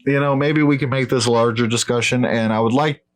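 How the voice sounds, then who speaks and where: A man's voice: mid-range voice, fairly even intonation, brisk. A man co-hosting a podcast in casual chat, blunt and profane, dismissing claims outright. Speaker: podcast co-host.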